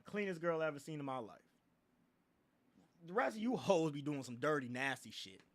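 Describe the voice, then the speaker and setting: A man's voice: a little high, lively intonation, a little fast. A young man hosting a livestream, ranting in a casual, profane way with laughs and repeated filler phrases. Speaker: livestream host.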